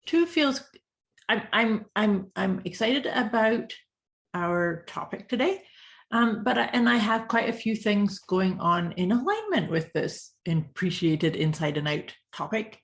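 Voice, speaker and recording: A woman co-hosting a podcast in casual chat, affirming her partner often and speaking with warmth about the topic. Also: mid-range voice, big pitch swings, unhurried. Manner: warm, affirming, often says mm-hmm. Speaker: podcast co-host.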